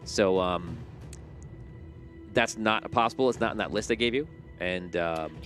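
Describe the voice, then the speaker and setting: A man's voice: low-pitched, unhurried, fairly bright tone, soft background music. A man acting as game master who rephrases himself as he explains rulings to his players. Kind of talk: running a tabletop game.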